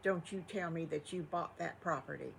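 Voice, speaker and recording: A woman's voice: low-pitched, normal speed, vocal fry, a little hiss or hum. Older woman doing a sensible farmer's wife.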